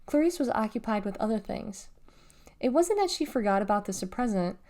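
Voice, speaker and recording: A woman reading a children's novel aloud in a measured, expressive way. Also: mid-range voice. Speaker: storybook reader.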